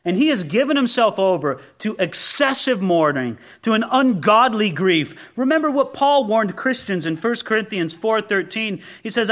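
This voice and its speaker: Male preacher, high bright voice, impassioned sermon delivery. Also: lively intonation, moderate pace, few pauses. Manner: impassioned, swings between loud exclamation and quiet intensity. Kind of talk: expository sermon.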